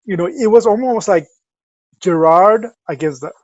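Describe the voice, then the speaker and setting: A man's voice: high voice, expressive, moderate pace, darkish tone, dry recording, muffled recording. A man with a Salvadoran accent co-hosting a podcast in casual chat, rambling with many fillers and restarts. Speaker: podcast co-host.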